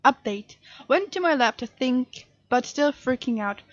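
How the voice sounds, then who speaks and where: A woman's voice: high voice, expressive, a little slow, no echo, dull audio. A woman reading out the texts of an anxious, grieving young man, in a voice close to her own. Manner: reading text messages aloud.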